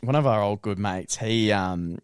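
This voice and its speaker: A man's voice: on the low side, moderate pace, smooth, no echo, clean studio sound. A young Australian man co-hosting a podcast, chatting casually and laughing as he tells stories. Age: young adult. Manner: expressive, laughs often. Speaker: podcast co-host. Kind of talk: casual storytelling chat.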